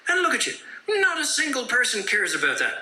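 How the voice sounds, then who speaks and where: A man's voice: very high voice, wildly swooping pitch, a little fast, reverberant, heavy background noise. A man with an Irish accent doing a wry stand-up routine, chuckling through his punchlines. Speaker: stand-up comedian.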